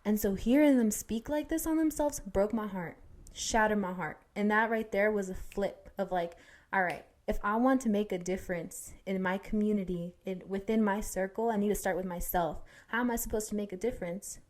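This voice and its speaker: A young woman co-hosting a podcast in easy, casual chat. She tells a personal story candidly, with plenty of fillers and restarts along the way. Her voice sits at an ordinary middle pitch. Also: normal speed. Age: young adult. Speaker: podcast co-host.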